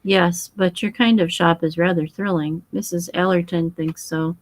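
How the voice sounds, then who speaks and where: A woman's voice: on the low side, steady tone, moderate pace, no echo, lightly acted, rough recording. A woman voicing an earnest, boyish young English husband who talks frankly and eagerly.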